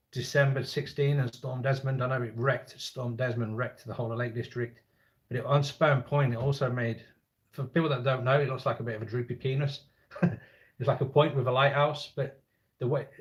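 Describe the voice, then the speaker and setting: A man hosting a camping live chat. His voice sits at an ordinary middle pitch, and he talks in a loose, cheeky way with frequent laughs and the odd swear word. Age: adult parent. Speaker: camping live-stream host. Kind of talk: casual live chat storytelling. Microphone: live-stream setup.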